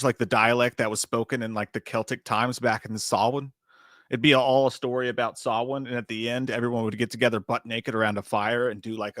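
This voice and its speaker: A man's voice: medium pitch, no room sound, studio quality. A man co-hosting a live movie podcast, chatting casually, swearing a lot and laughing often. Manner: profane, animated, laughs often. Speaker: podcast co-host.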